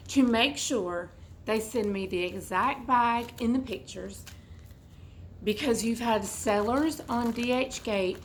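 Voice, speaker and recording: A woman with a hoarse, froggy, congested voice, chatting and rambling while she unboxes a bag at home. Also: mid-range voice, slight background noise, rough recording. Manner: rambling, chatty, goes off on tangents. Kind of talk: casual unboxing chat. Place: at home indoors.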